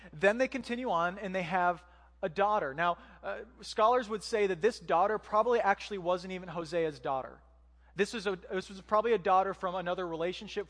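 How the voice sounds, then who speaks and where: A man's voice: high-pitched, a bit bright, long reverb tail. A man giving a conversational sermon as pastor, using joking asides and rhetorical questions.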